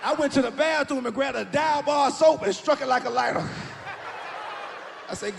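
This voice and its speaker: A stand-up comedian works the room in a very high, animated voice, shouting his punchlines and acting out his stories. The sound carries a long hall reverb over faint room noise. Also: moderate pace, vocal fry, long pauses. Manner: loud, animated storytelling with shouted punchlines and acted-out quotes. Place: stage in a large hall with a live audience.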